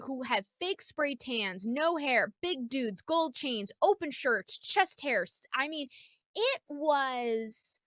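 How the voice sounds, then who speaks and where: A woman comedian from New York telling a story as a guest in casual chat, animated and acting out the people in it. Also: sits high, dry recording. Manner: animated, acts out the people in her stories.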